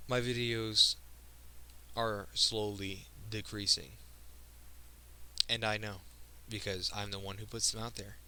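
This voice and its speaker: Low-quality audio captures a teen video creator's lowish, smooth, sharp voice with little pitch movement. Delivering a personal vlog monologue, he is emotional and earnest, frequently stopping, restarting, and fumbling his words.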